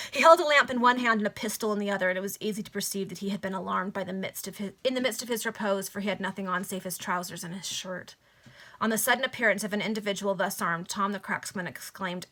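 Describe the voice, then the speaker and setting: Lady reading a book aloud to friends on a video call, bright clear voice, chatty asides. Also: medium pitch, fast. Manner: breaks off with excited asides to listeners. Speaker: reader. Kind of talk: casual reading aloud of a novel.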